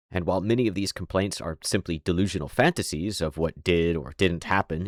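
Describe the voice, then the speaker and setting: A man with a low voice and an American accent touched by a light Southern twang delivers a scripted commentary monologue. His tone is sardonic and opinionated, with wry asides. The recording is close and dry, with no room sound. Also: dry recording. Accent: American with a slight Southern twang. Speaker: online commentator.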